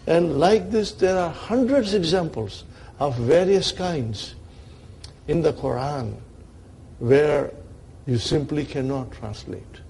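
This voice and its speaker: Man, teacher, grammar lesson, gravelly, husky, keeps checking in with the class. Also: a little high, expressive, slow, a little mellow. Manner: checks in with the class often, acts out grammar as characters.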